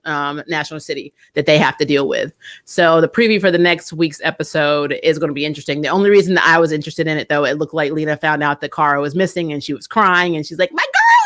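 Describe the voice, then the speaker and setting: A woman hosting a casual spoiler review of TV episodes, talking in an animated way with sarcastic asides and frequent laughter. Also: deep voice. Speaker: TV show reviewer, channel host.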